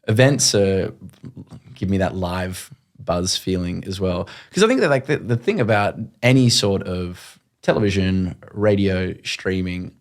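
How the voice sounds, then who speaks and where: Animated man telling stories on a podcast. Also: deep voice. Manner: animated, quick, acts out his own past lines. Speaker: guest, TV and radio presenter. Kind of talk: conversational storytelling.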